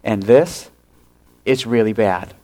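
Slow-preaching male pastor. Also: lowish voice. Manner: animated storytelling, acting out quoted lines. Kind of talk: sermon.

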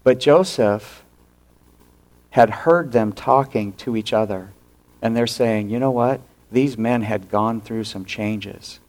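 Slow-preaching male pastor. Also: lowish voice. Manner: animated storytelling, acting out quoted lines. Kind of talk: sermon.

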